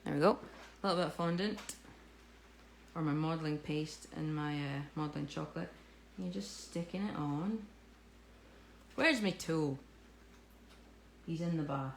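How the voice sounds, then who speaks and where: A woman with a lower voice runs a live cake tutorial, chatting and joking at her own expense as she works. Her voice rings in a roomy studio with faint ambience in the background. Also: normal speed, creaky, long pauses, a little hiss or hum. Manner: jokey, self-mocking, chatty. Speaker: cake decorating instructor. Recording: echoey room with faint ambience.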